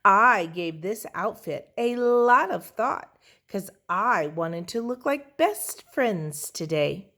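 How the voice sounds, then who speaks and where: A woman reading a children's storybook, voicing a bossy, showy little girl rival in a loud, gushing voice. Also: mid-range voice, animated, slow, pitched above the performer's own voice, exaggerated voice. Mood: eager.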